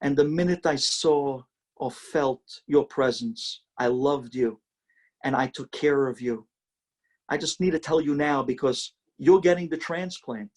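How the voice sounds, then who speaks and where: A man's voice: a little slow, lightly acted. A man doing a tender blind husband. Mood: confessing. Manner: soft, tender, lower voice. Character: devoted blind husband, gentle and selfless.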